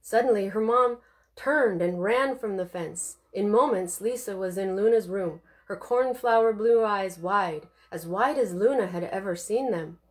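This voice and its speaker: A woman's voice: mid-range voice, unhurried. A woman reading her own novel aloud, telling it expressively with suspense. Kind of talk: audiobook reading.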